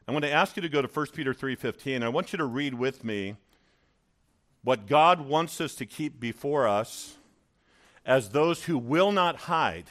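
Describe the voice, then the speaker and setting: A male pastor preaches to his congregation in a church, mid-pitched and animated. He tells personal stories with frequent stammered restarts, building to bursts of energy. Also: normal speed. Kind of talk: sermon with personal story.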